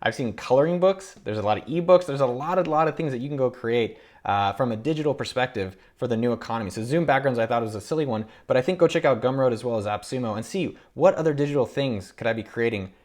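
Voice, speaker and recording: A man in his thirties hosts a video from his home office, rattling off ideas at a rapid clip. His voice sits at a middling pitch, and he sounds upbeat and eager as he lists each new idea like an entrepreneur pitching opportunities. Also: darkish tone. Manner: upbeat, quick, listing ideas with enthusiasm. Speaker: entrepreneur and YouTube host. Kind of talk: casual talk to camera.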